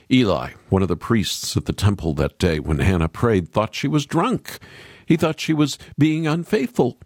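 A man's voice: mid-range voice, dry recording, clean studio sound. A man giving an earnest radio devotional message, reading scripture and preaching. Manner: earnest, reads scripture aloud. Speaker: radio Bible teacher.

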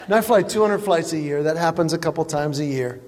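High-voiced comedian in a reverberant hall. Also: male voice, fairly quick. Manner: animated, exaggerated, playing for laughs. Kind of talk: stand-up storytelling. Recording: live hall with reverb and faint noise.

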